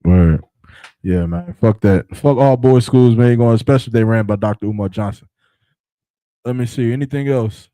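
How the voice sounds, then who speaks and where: A man's voice: mid-range voice, mellow, no echo. A man hosting a podcast, talking loosely in slang and joking around with his co-hosts. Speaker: podcast host. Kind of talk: casual podcast chat.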